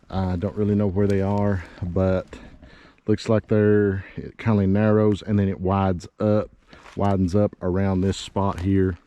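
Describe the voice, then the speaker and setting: A man's voice: on the low side, warm tone, muffled recording. A man, walking a piece of land outdoors and talking casually as a realtor, out of breath and rambling with many fillers. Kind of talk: casual walking property tour. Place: outdoors by a river and hillside.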